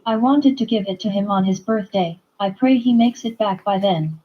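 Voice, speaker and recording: A woman reading a romance novel aloud in first-person narration, plain and steady. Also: mid-range voice, normal speed, muffled recording. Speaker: audiobook reader.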